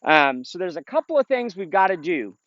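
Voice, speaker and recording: Middle-aged dog trainer, man, lively talker with a high-ish voice, dull outdoor recording. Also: a little fast, no room sound. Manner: explains plainly, then calls short upbeat commands to the dog. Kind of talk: outdoor training video with commentary. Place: outdoors in a field.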